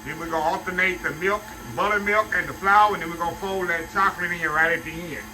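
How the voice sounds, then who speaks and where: A man's voice: sits high, fairly even intonation, fast talker, music in the background. A man hosting a casual cooking demonstration in his kitchen, talking folksy and keeping the viewers close. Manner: folksy, keeps addressing viewers as y'all. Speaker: cooking show host.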